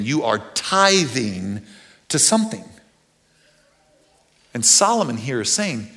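A pastor delivers a sermon with animated earnestness, his fairly high voice swinging between loud excitement and quiet intensity.

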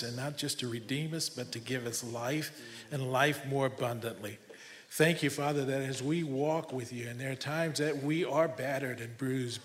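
A man's voice: mid-range voice, a bit bright. A man leading an earnest commissioning prayer in a church service. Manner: fervent, earnest praying. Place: church sanctuary.

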